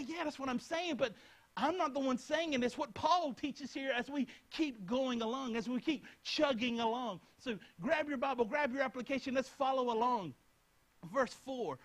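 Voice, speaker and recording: A man's voice: very high voice, moderate pace, low-quality recording. A young man preaching a Bible lesson, speaking earnestly and repeating phrases as he addresses his listeners directly. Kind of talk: Bible teaching talk.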